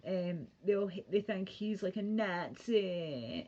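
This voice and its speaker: A British woman rants casually and profanely on a livestream, rambling from one thought to the next. Her medium-pitched voice is animated, slow and warm, and the audio is muffled and lo-fi.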